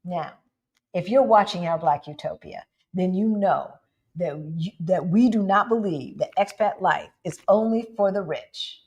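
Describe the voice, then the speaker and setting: Chatty woman, slightly low voice. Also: a little slow, husky. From United States. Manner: chatty, keeps asking "right?" and addressing viewers as "y'all"; animated, jumps up in pitch for emphasis. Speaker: livestream co-host. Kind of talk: casual livestream chat.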